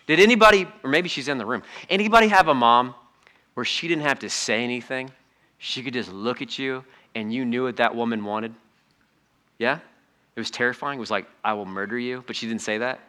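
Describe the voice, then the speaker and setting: A middle-aged man preaching a sermon in a church, conversational and animated, acting out little asides in other voices. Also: mid-range voice, a little fast. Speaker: pastor. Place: church sanctuary.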